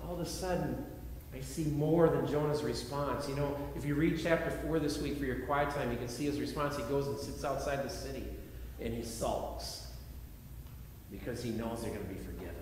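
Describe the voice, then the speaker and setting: A man pastor preaching a sermon in an earnest way, repeating phrases and shifting between loud appeals and quiet reflection, in a large church sanctuary. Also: medium pitch, moderate pace. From United States. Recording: echoey hall, faint background noise.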